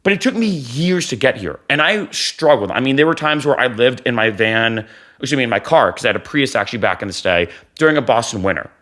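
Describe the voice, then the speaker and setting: Lively, earnest male vlogger. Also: medium pitch, fairly quick. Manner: animated, earnest, repeats phrases for emphasis. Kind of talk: casual advice talk to camera.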